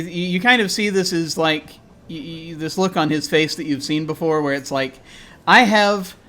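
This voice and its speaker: A man narrating a tabletop game as game master over a video call, halting and full of fillers and restarts. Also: a little high, fairly bright tone.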